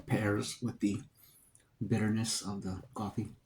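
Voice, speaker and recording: A man's voice: lowish voice, level tone, measured pace, background noise. A man vlogging a casual mukbang, rambling and talking to himself between bites.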